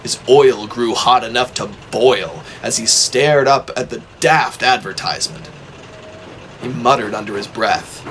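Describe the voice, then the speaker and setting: Guy narrating a story, really animated, music going underneath. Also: mid-range voice, normal speed. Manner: lively, expressive reading.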